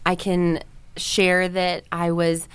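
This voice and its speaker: A woman's voice: fairly low pitch, monotone, slow, clean tone. A woman in her thirties from the United States, a podcast guest telling her personal story with candid, reflective earnestness and frequent ums and likes.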